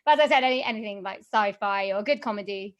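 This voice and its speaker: A woman's voice: medium pitch, quick pace, highs cut off. A woman being interviewed on a podcast, speaking casually and with animation, with plenty of fillers and laughs. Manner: chatty and animated, laughs often, many fillers. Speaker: guest, voiceover artist and singer.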